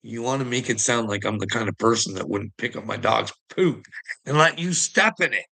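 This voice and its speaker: A man's voice: mid-range voice, fairly quick, vocal fry, sharp tone, slightly rough. A Canadian man in a rambling casual monologue, swearing a lot and laughing often between sentences.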